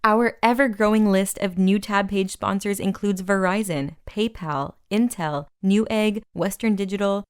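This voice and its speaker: A woman hosting a community podcast, reading a weekly roundup of announcements and long lists in a brisk scripted way. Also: medium pitch, clear, resonant tone, no room sound, clean studio sound. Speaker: podcast host.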